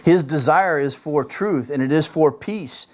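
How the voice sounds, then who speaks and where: A middle-aged man preaches in an easy, conversational way, pitched a little higher than most men. He keeps checking in with his listeners through rhetorical questions as he moves through the scripture. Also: measured pace. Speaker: pastor. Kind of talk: sermon.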